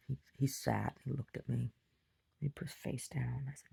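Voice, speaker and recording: A woman's voice: very deep voice, level tone, normal speed, vocal fry, mellow, breathy edge. A woman talking casually in a rambling video diary, chatty and meandering, with frequent restarts. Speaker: video diarist.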